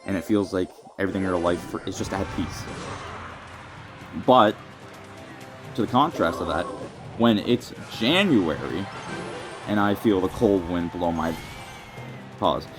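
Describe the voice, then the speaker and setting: Young guy doing a mock-serious rant, kinda low voice, music going underneath. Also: measured pace, pauses often. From Canada. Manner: rambling, filler-heavy, mock-serious. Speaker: vlogger. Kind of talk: comedic rant addressed to the wind.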